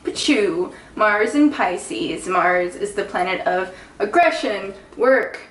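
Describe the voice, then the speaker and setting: A young woman co-hosting an astrology show, bubbly and teasing, laughing quickly. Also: mid-range voice, expressive, a bit bright, far from the mic. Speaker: astrology podcast co-host. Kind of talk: casual chat. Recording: echoey room, faint room ambience.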